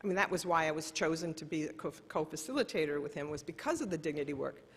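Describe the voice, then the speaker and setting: A woman's voice: sits low, expressive, quick pace, breathy edge. A middle-aged woman giving a conference keynote, telling personal stories in an earnest, self-correcting way. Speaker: keynote speaker. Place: large conference hall. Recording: long reverb of a conference hall.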